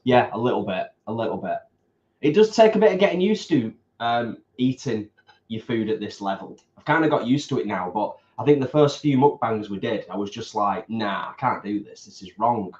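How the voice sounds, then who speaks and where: An easygoing man chats over a meal on a home livestream, reading viewer comments at a relaxed pace. His voice sits at a middle pitch. The room adds echo and a slightly dull tone. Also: brisk. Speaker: co-host of a vegan livestream. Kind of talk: casual livestream chat while eating. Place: home, at a table while eating.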